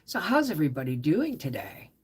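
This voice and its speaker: A middle-aged woman hosting a casual live stream, tired from a migraine, talking softly and trailing off as she greets viewers. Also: low-pitched, wildly swooping pitch, husky. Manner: slow, soft-spoken, trailing off, greeting viewers warmly by name. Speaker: livestream host.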